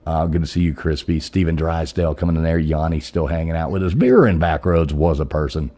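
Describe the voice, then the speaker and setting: A man with a low, mellow voice chats loosely on a live stream. He greets viewers one by one and drifts easily from topic to topic. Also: fairly quick. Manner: easygoing, rambling, greets viewers by name. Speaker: livestream host. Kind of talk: casual live show chat.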